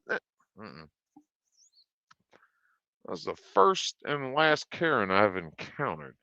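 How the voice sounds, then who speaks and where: A man streamer telling a story in a casual, profane, blunt and animated way. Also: lowish voice, vocal fry, no room sound.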